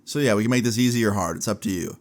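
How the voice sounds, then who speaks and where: A firm police officer, played by a man telling a story on a vlog. He speaks in a low, measured voice and asks questions plainly. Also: lightly acted. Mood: stern. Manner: measured, matter-of-fact questioning.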